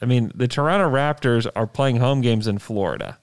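A man's voice: mid-range voice, animated, fairly quick, smooth, no echo, studio quality. A man co-hosting a casual sports podcast, rattling off standings and numbers with emphasis. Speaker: podcast co-host.

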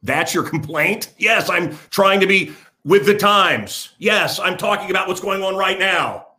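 A man's voice: high voice, measured pace, bright, forceful tone. An older man hosting his own show, talking blunt and rambling in a casual monologue to camera. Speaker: host.

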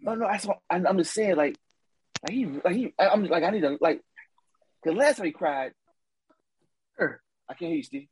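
Animated husky man on sports chat. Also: high voice, normal speed, pauses often, no room sound, low-quality recording. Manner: animated, stammering restarts. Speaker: sports podcast co-host. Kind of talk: casual chat. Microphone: remote call.

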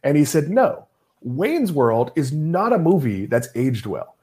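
A man's voice: fairly high pitch, sing-song, measured pace, a little mellow. A middle-aged man from Massachusetts hosting a casual chat, joking and opinionated. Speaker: podcast host.

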